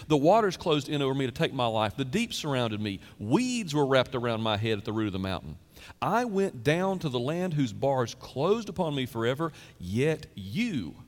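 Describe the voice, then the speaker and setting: A man in his fifties, a pastor, preaching a sermon in a chatty, storytelling way with quick asides. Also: medium pitch, in a large hall. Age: 50s.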